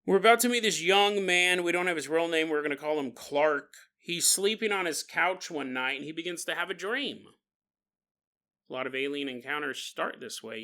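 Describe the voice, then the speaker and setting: Bright-voiced joking male podcast host. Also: fairly high pitch, vocal fry. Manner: joking, animated, laughs often. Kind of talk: comedic paranormal storytelling.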